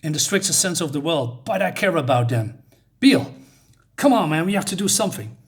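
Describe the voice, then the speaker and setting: A man's voice: a little high, animated, a little fast. A man reading out the lines of an earnest young male hero, plainly and with some urgency. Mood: urgent.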